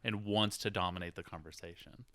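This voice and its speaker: A man co-hosting a podcast keeps cutting in with teasing, prodding questions. His voice is low but bright and crisp, recorded close and dry with no room sound. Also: fairly even intonation, no echo. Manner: teasing, quick interjecting questions. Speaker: podcast co-host. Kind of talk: casual comedic banter.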